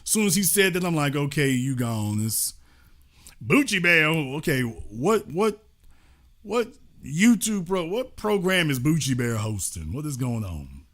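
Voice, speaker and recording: A man hosts a heated call-in show in a slightly high voice. He mocks and vents, jumping from loud jabs down to low mutters. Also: very animated, a little slow. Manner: mocking and exasperated, swings between loud jabs and low mutters.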